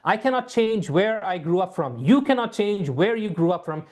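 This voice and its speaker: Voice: medium pitch, expressive, normal speed, darkish tone. A teacher running a live online class on a video call, answering students' questions in a friendly, patient way and repeating key points. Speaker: IELTS teacher. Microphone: computer mic on a video call.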